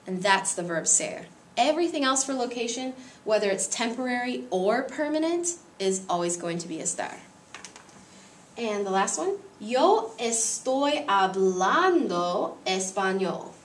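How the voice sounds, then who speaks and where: A woman's voice: fairly high pitch, sing-song, normal speed, slight background noise. Female teacher, patient and methodical, recorded at a distance in a reverberant room. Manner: patient, explains step by step. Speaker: Spanish teacher. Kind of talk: classroom grammar lesson.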